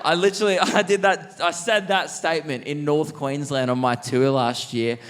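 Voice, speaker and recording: A man's voice: on the high side, fairly even intonation, moderate pace, heavy background noise. A young Australian man doing stand-up comedy in a theatre, rambling and self-mocking as he laughs at his own jokes. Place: large theatre on stage.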